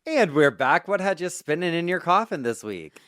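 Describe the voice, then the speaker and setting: A woman co-hosting a casual comedy podcast, bantering playfully and throwing in quick jokes. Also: lowish voice, very animated, no room sound, clean studio sound. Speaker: podcast co-host.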